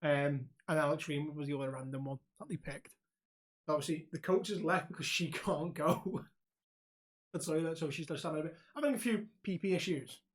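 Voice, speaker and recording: A young man with a slightly high voice talks fairly quickly as a podcast co-host. In this casual chat he's an animated storyteller, laughing often and swearing freely.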